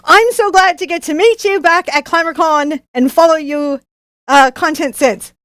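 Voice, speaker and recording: A woman's voice: extremely high pitch, normal speed, fairly bright tone, dry recording, studio quality, pitched above the performer's own voice. A woman reading a note aloud as a cheerful male artist, in a weak attempt at an Australian accent. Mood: earnest.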